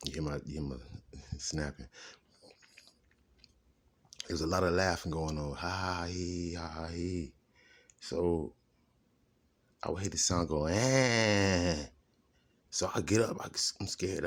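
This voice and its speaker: A man's voice: extremely low pitch, steady tone, a little slow, long pauses. A man telling his life story in a rambling, casual way, drifting off topic and restarting his sentences. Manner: rambling, digressive, restarts often.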